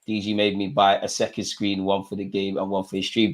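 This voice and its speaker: A young man hosting a live football watch-along, commentating casually with slang and shouting at the referee. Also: deep voice, monotone, brisk.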